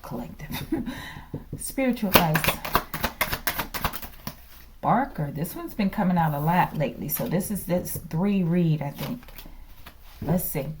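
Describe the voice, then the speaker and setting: A woman reads tarot cards for her viewers in a chatty, animated voice that swoops up and down. She often laughs and slides into soft whispers. Faint noise and clicks sit behind her. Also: on the low side. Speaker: tarot reader. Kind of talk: channeled tarot reading.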